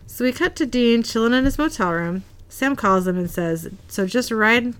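A woman's voice: a little high, expressive, normal speed, clear, resonant tone. A woman casually retelling a TV episode as a podcast host, reading the dialogue out plainly. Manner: chatty, reads out dialogue plainly.

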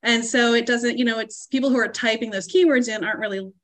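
A woman's voice: on the high side, fast talker. A woman guest author in a casual podcast interview, speaking thoughtfully and hesitantly with many fillers.

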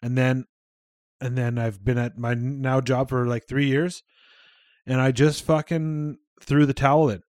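A man in his thirties talks loosely on his podcast, dropping curses and chuckling through quick asides. His voice sits in a middle register. The sound is dry and close, with no room echo. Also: medium pitch, flat delivery, a little mellow. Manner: loose and profane, laughs often, quick asides. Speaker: podcast host. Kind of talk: casual chat.

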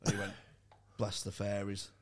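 A man's voice: on the low side, completely flat delivery, moderate pace, breathy edge. A man chatting casually on a comedy podcast, laid-back and slangy, swearing often. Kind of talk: casual banter.

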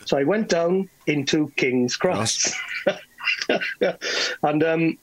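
A man with a West Welsh accent telling anecdotes as a guest, animated, with stammering restarts. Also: a little high, slow pace, poor audio. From Wales. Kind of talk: anecdotal storytelling.

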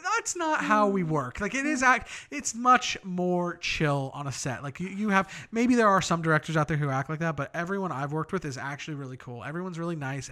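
A young man with a bright, forceful voice pitched a touch high tells film-set stories in easy, casual chat. He trails off into asides and laughs at himself as he goes. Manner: storytelling, quick asides, self-deprecating laughs. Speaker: podcast co-host, film visual effects worker.

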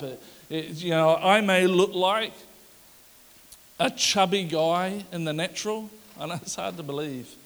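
A man's voice: on the high side, fairly bright tone, long reverb tail. A man preaching a sermon as a pastor, conversational and joking, asking the congregation questions.

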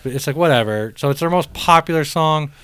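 A man's voice: fairly high pitch, brisk, smooth, no echo. A man co-hosting a podcast, telling concert stories in a casual, profane way. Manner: profane, animated storytelling. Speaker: podcast co-host. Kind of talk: casual chat.

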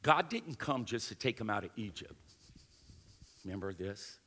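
Middle-aged preacher in a reverberant hall. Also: male voice, expressive, normal speed, slightly rough. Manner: emphatic preaching, swinging between loud high declarations and hushed low asides; punctuates with catchphrases to the crowd. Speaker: pastor. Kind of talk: sermon. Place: large church sanctuary. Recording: long hall reverb with live band music. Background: band playing.

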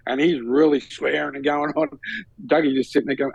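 Animated Australian man telling a story. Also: on the high side, fast, gravelly, husky, no echo, highs cut off. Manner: animated, acts out quoted voices with laughter. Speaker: podcast co-host. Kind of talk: casual storytelling chat.

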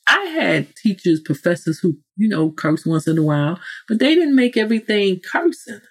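A woman with a fairly low, expressive voice hosts a motivational podcast at a moderate pace. Talking directly to her audience in a preachy way, she repeatedly breaks off to correct herself or make asides.

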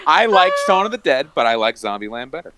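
A man's voice: medium pitch, sing-song, quick pace, noisy background. A man co-hosting a podcast, chatting casually about movies in a laid-back, easygoing way.

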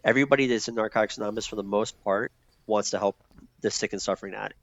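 Man, low voice, casual profane storyteller with fillers; lo-fi, muffled audio. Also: rapid-fire, a bit bright. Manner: loose and profane, many fillers and restarts. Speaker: guest telling his recovery story. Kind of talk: candid conversational storytelling. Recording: dull lo-fi sound.

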